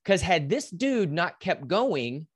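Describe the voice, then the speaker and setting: Man, podcast guest, energetic motivational storyteller, casual and blunt. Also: sits high, slow pace, husky. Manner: animated, casual, swears, mimics voices in anecdotes.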